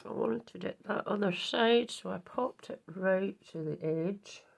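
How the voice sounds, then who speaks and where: A woman's voice: medium pitch, a little slow, creaky, slight background noise. A woman hosting a craft video, chatting in a rambling way and correcting herself as she works, with a sweet in her mouth against a cough. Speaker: craft channel host. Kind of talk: casual crafting demonstration.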